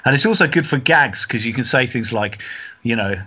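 Bright playful man, lo-fi. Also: mid-range voice, lively intonation, brisk, husky. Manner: playful, jokey, hums silly jingles. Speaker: podcast co-host. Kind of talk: casual chat.

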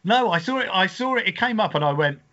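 Lively laughing man telling a story. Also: sits high, quick pace. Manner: animated, laughs through his story. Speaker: podcast co-host. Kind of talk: comic storytelling. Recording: dull lo-fi sound.

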